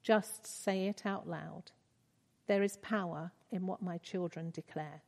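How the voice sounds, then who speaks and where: A woman reading the lines of a gentle, fatherly God figure in a tender, reassuring way. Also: lowish voice, measured pace, creaky. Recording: reverberant hall.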